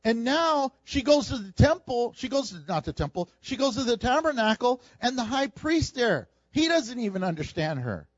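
High, animated male preacher. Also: moderate pace, few pauses, no echo, muffled recording. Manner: animated preaching, acts out quoted voices with humor. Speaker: pastor. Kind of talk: sermon.

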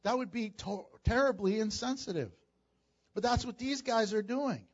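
Male pastor, high lively voice, sermon with acted-out voices, dull muffled recording. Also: normal speed. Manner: animated, acts out voices of people in the story, laughs often.

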